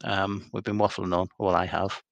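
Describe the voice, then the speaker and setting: A man's voice: low-pitched, flat delivery, normal speed, creaky, no echo, dull audio. A man hosting a casual podcast, rambling along with frequent ums. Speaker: podcast host.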